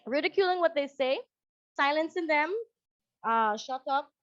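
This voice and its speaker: Guyanese woman giving a lively online talk. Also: high-pitched, normal speed, dry recording, muffled recording. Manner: conversational, animated, acts out quoted parents. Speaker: psychologist. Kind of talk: presentation on a video call.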